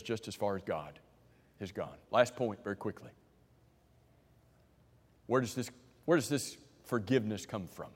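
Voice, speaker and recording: A man preaching a sermon, asking the congregation rhetorical questions and swinging from loud emphasis to quiet, low delivery. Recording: long hall reverb.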